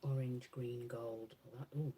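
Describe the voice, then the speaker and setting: A woman's voice: a bass voice, fairly even intonation, a little slow, dark tone, a little hiss or hum. A woman beauty creator chatting casually through a makeup swatch demo, musing aloud and correcting herself as she goes.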